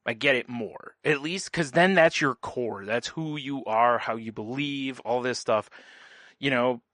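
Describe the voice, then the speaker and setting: Laid-back podcast co-host, dry sound. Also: male voice, mid-range voice, unhurried, a bit bright, no room sound. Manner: laid-back storytelling, laughs often. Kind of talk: casual chat.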